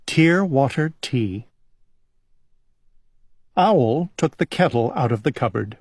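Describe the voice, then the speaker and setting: A man reading a children's storybook aloud in a calm, gentle, unhurried way. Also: mid-range voice, slightly rough, dry recording, studio quality.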